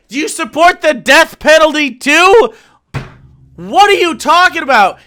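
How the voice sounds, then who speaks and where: Male streamer, exasperated and profane, animated delivery with a sharp, bright tone. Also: extremely high pitch. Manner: profane, exasperated, laughing mid-rant. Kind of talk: ranting reaction stream.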